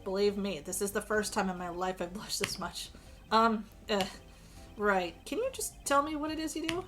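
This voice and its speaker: A woman's voice: mid-range voice, moderate pace, music in the background. A woman streaming a game, reading the dialogue aloud with joking, crude asides and a strained voice.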